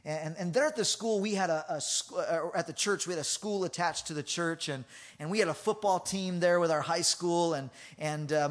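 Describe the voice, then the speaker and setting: A man preaching a sermon, telling a funny personal story in an animated way, laughing often and restarting his sentences. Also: fairly high pitch. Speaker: pastor.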